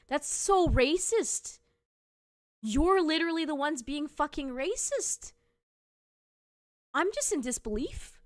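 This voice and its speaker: A woman's voice: high voice, big pitch swings, slow, long pauses, no room sound, clean studio sound. A woman hosting a gaming commentary show, reacting to clips in an exasperated, profanity-laced rant. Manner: exasperated, sweary ranting.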